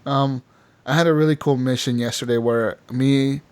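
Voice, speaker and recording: A man's voice: mid-range voice, normal speed, clean tone. A young man co-hosting a casual gaming podcast, telling a story with lots of laughter and acting out the characters' lines. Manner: animated storyteller, acts out characters, laughs often. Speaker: podcast co-host.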